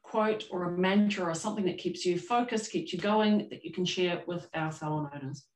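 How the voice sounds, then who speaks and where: A woman's voice: fairly low pitch, brisk, reverberant, rough recording. A woman hosting a podcast, a former salon owner, agreeable and reflective in casual conversation. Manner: agreeable, reflective, builds on the guest's points.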